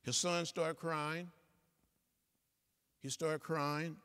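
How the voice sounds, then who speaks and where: A man in his seventies, appearing as a guest speaker, addresses students in a large lecture hall with a preacherly cadence and repeated phrases. His voice is fairly high, steady, very slow, fairly bright and clean. The hall's reverberation is audible.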